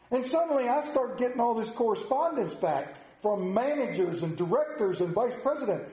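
Guy preaching a sermon, pretty high voice, swoops loud then soft, echoey room. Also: big pitch swings, moderate pace. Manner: dramatic storytelling with big swings in pitch and volume.

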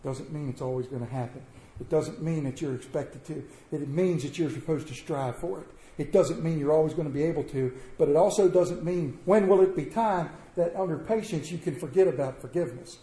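A high-pitched male pastor preaches to his congregation in a roomy church, the sound echoing around him. His tone is mellow rather than bright, and he swings between loud, emphatic bursts and hushed, soft-spoken asides. Give it a warm, unhurried sermon feel.

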